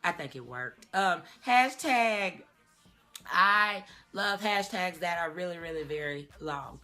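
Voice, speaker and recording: Bright-voiced Southern woman vlogging. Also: medium pitch. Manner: chatty, animated, drawls y'all and child. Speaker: actress and singer vlogger. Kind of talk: casual talk to camera.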